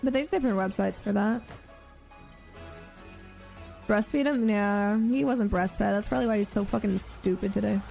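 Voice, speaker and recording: A woman's voice: mid-range voice, normal speed, vocal fry, pauses often, warm tone, faint music behind, poor audio. A woman streamer in crude, mocking banter with her chat.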